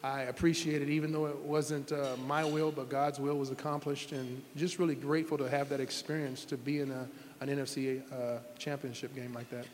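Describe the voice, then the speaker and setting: A man's voice: medium pitch, little pitch movement, a little fast, few pauses, in a large hall, a little hiss or hum. A middle-aged man, a former football quarterback, telling heartfelt stories in an interview with earnest, rambling restarts. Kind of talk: interview storytelling.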